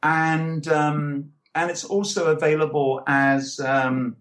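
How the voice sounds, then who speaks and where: A man's voice: a little high, steady tone, slow, a bit bright. Hesitant older man, interview guest. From England, Anglo-Irish background. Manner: hesitant, many fillers and restarts. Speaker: guest comics writer. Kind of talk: casual interview talk.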